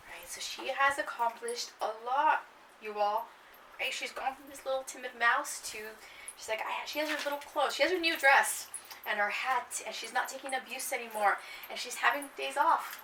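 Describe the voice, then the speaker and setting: A woman teacher giving a classroom lecture, lively and emphatic, often checking in with her class. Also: high-pitched, normal speed, a little hiss or hum. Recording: echoey room, mic far off.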